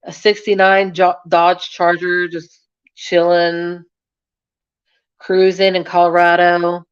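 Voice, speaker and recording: A woman's voice: on the low side, level tone, takes it slowly, clean tone, lo-fi sound. A woman hosting a casual livestream, chatting with viewers and rambling through stories. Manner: rambling and chatty, many fillers and restarts. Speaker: livestream host. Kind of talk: casual chat reading viewer comments.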